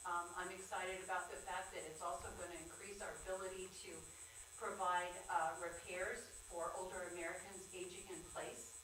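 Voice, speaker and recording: A woman from a nonprofit giving a halting, informal update at a city council meeting. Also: on the low side, fairly bright tone, a little hiss or hum. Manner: informal, halting with many fillers. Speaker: nonprofit representative. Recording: far-off echoey council chamber.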